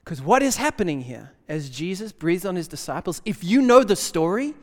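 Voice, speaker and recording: A man preaching a lively sermon in casual slang, swinging between loud bursts and hushed asides. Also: high-pitched, normal speed. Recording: long hall reverb.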